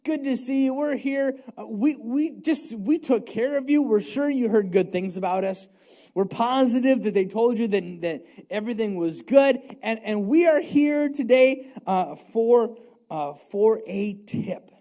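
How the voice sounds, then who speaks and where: Preacher doing chipper male servants, ingratiating, pitched up high, slowing down at the end. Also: lively intonation, mellow, full character voice. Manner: overly cheerful, ingratiating. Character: friendly male servants asking a favor.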